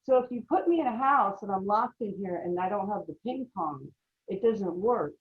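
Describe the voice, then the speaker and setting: A woman on a writing faculty panel, answering a question in an animated, talkative, self-deprecating way over a video call. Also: medium pitch, moderate pace. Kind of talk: casual panel discussion. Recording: slightly muffled audio.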